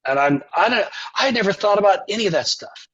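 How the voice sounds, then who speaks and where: Older male musician guest, slightly high voice, animated storyteller with a dull lo-fi podcast sound. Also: fast talker, slightly rough. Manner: animated storyteller, acts out quotes and sings phrases. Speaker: composer and saxophonist guest. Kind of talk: conversational interview storytelling.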